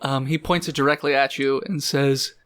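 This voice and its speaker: A man narrating as game master of a tabletop game, relaxed and often laughing. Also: medium pitch, normal speed, clean tone.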